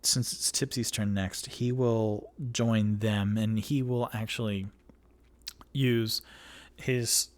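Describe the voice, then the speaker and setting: Slow, rambling male game master. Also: on the low side. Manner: rambling, filler-heavy, animated. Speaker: dungeon master and solo player. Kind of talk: casual tabletop game narration.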